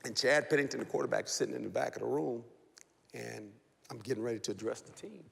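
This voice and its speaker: A man, a football coach, telling a lively story on a talk show and laughing as he goes. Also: mid-range voice, quick pace, vocal fry, slight background noise. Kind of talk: animated anecdote on a TV talk show. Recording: long hall reverb.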